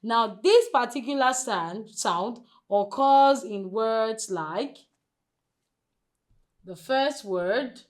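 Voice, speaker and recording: A woman with a Nigerian English accent teaching a phonics lesson, drilling sounds slowly and asking the class to repeat after her. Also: a little high, expressive. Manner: slow, deliberate drilling, stretching model sounds loudly.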